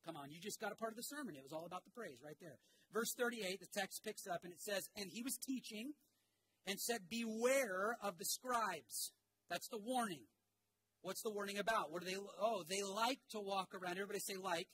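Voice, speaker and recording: A pastor with a high-sitting voice speaks at normal speed, preaching in a church sanctuary and spinning an energetic story punctuated by shouted asides. He has his congregation repeat phrases back to him, and the low-quality recording has slight hiss or hum.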